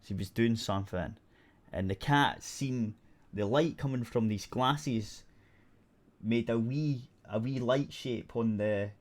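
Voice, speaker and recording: A man's voice: medium pitch, slow pace. A Scottish man hosting a radio show, rambling through a story in casual chat and swearing freely.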